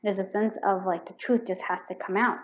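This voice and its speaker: Woman doing a tarot reading to camera, mid pitch, rambly, says like a lot, mutters while pulling cards. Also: fairly even intonation, fairly quick, low-quality recording. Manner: chatty and rambling, full of "like" and restarts; murmurs repeated questions while drawing cards. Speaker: tarot card reader.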